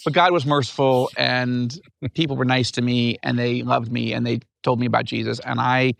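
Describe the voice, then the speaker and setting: A man in his fifties from upstate New York, telling his life story as an interview guest in an animated way. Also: medium pitch, moderate pace, creaky. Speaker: guest author.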